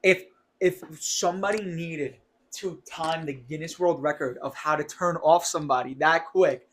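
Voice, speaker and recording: Slangy young New York man, higher voice. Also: normal speed, fairly bright tone, slight background noise. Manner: laughs a lot, slangy banter. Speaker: podcast co-host. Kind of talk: casual chat.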